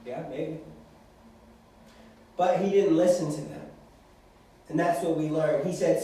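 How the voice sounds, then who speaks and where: A man's voice: on the high side, measured pace, long pauses, warm tone. A young man preaching a sermon to young people, acting out prayers as he speaks. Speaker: youth pastor. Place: church hall. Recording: echoey hall from far off.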